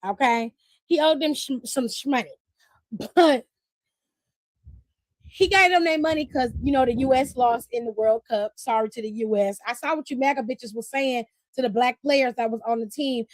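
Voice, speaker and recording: High-voiced woman ranting on a live stream. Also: normal speed, dry recording. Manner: animated, profane, laughing, reads chat aloud. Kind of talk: casual live-stream wrestling recap.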